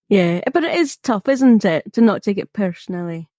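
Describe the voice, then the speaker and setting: Mellow woman moderator. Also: mid-range voice, lively intonation, measured pace, no room sound, studio quality. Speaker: roundtable moderator. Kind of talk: roundtable discussion.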